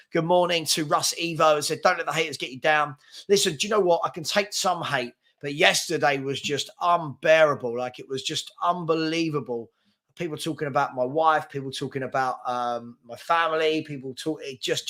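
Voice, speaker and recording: A man's voice: a little high, pushed and bright. Chatty man hosting a football stream. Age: 40s. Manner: chatty, rambling, self-deprecating. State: tired from an early start. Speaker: football channel host. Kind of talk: live stream chat reading comments.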